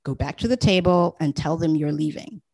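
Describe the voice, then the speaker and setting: A steady, protective man speaks low and blunt, with no patience for nonsense, read by a woman narrator. The voice is husky and dry. He sounds fully in control. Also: brisk, no echo, exaggerated voice. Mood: firm.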